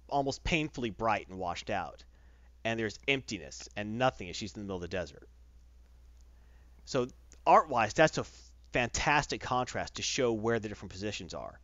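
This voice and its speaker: A man retells a comic story in an easygoing podcast chat, his pitch jumping around as he slips into quick voices for the characters. The sound is dry and close, with a dull, lo-fi tone. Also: a bit bright, dry recording. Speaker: podcast host reviewing comics. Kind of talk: casual comic book recap.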